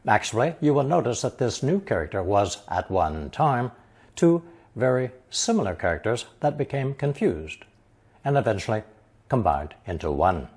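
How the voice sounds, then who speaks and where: A man narrating a scripted language lesson, explaining slowly and carefully and reading example sentences aloud. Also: fairly low pitch, darkish tone, breathy edge. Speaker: language teacher.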